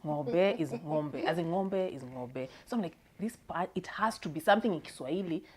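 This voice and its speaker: A young Kenyan woman tells family stories in a relaxed chat, her voice swooping high and low as she laughs her way through them. She drops Swahili words into her English and acts out every exchange. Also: normal speed. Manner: animated storyteller, laughs often, mixes in Swahili words. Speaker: co-host. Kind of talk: casual chat.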